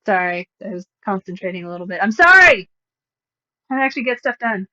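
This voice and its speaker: A woman's voice: medium pitch, very fast, fairly bright tone, lo-fi sound. A woman livestreamer chatting casually, rambling with sarcastic, self-mocking asides.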